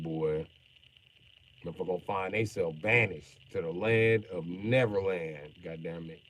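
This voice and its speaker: A middle-aged man ranting bluntly and profanely on a live stream, jumping from mutters to sudden shouts while joking around. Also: lowish voice, low-quality recording. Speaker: livestreamer.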